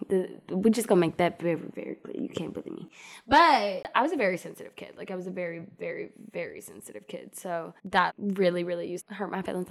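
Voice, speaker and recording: A woman speaks as a guest on a casual podcast. She is animated and sassy, leaning hard on her points with emphatic repetition. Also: on the low side, quick pace, gravelly.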